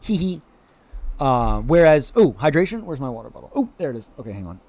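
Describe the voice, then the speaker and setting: A man's voice: mid-range voice, sing-song, fast, a little mellow. A man from the United States chatting casually to viewers while streaming a game, greeting chat and dropping playful quacks. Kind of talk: casual live-stream chat over gameplay.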